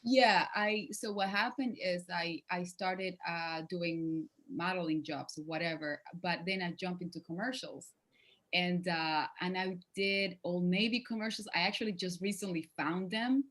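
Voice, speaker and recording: Spanish-accented lady in her 40s chatting in an interview, lively, laughs a lot, acts out little quotes. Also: lowish voice, a little slow. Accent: Spanish-accented English. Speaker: guest actress. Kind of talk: casual interview chat.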